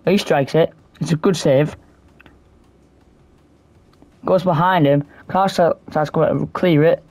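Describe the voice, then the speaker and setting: A man reacting live to a football video game, excitable and cursing at every miss. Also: on the high side, moderate pace. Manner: excitable, swears and shouts at the game. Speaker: gamer.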